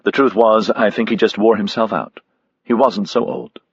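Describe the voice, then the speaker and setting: A man's voice: on the low side, fairly even intonation, normal speed, creaky, husky, no room sound, highs cut off. A man voicing a stern, restrained widowed woman.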